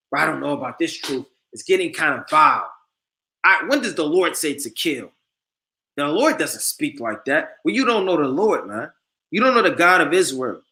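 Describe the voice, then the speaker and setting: A man preaching a sermon, reading scripture slowly and forcefully and peppering his talk with "man" and "you understand.". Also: high voice. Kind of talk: street-style sermon.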